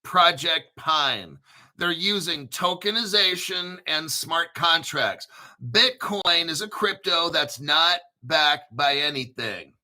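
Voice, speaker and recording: A middle-aged man reads a news article aloud for his crypto channel in an unhurried, drawn-out delivery. His voice sits high and sounds sharp and bright. He keeps breaking off into excited, profane jokes and answers his own remarks. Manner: excitable, profane, jokes and talks back to himself. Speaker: crypto commentary host. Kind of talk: casual solo commentary reading an article aloud.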